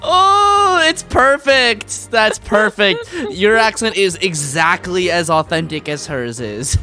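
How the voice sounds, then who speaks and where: A woman co-streaming a game with a friend, breaking into loud laughter and swearing freely. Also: medium pitch, lively intonation, slow pace, soft background music.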